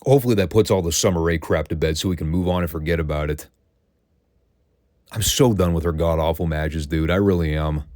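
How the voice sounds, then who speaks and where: A man's voice: deep voice, fairly quick, a little mellow, dry recording, studio quality. A man hosting a review podcast, ranting in a sarcastic, profane way. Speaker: podcast host reviewing wrestling.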